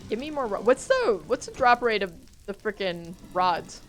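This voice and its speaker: A woman's voice: medium pitch, expressive, moderate pace, a little hiss or hum. A woman streaming a game live, talking to her chat, jumpy and swearing as she plays. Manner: jumpy, swears, talks to chat while playing.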